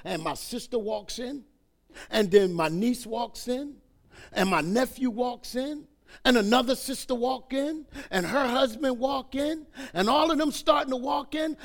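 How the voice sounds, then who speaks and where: An older man preaching a storytelling sermon, animated and calling out "amen?" and "all right?" to his congregation. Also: very high voice, vocal fry.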